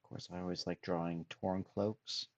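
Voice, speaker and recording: Low-voiced guy doodling on stream, kinda mumbly and soft, dull lo-fi sound. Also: level tone, moderate pace, no echo. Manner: soft-spoken, musing aloud as he sketches. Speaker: streamer and artist. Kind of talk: casual chat while drawing.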